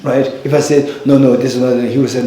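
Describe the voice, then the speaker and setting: A man, a Buddhist teacher, giving a dharma talk in a large temple hall, telling a personal story with halting restarts and bursts of emphasis. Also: mid-range voice, little pitch movement, warm tone. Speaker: Buddhist teacher leading a retreat. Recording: very echoey hall.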